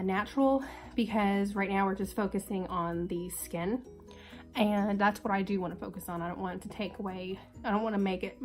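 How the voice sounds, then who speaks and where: A young woman with a congested, sick voice chatting casually and upbeat through a makeup tutorial. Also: medium pitch. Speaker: beauty vlogger.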